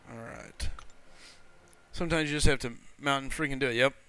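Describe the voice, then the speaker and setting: Bright, chatty gaming streamer man. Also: medium pitch, fairly even intonation, a little fast, clean tone. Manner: chatty, greets viewers and reads chat messages aloud; loose and rambling, with frequent fillers and self-corrections. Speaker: gaming livestream host. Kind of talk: casual livestream chat.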